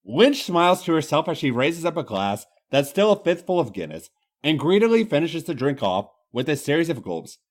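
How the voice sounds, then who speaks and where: A man's voice: on the high side, sing-song, moderate pace. A man hosting a comedy show, reading a story aloud in a theatrical, mock-dramatic style. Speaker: host reading fan fiction aloud.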